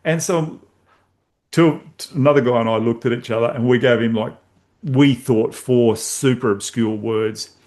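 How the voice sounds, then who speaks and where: A man's voice: medium pitch, moderate pace, darkish tone. A middle-aged man, a podcast host telling stories in casual conversation and acting out his own reactions.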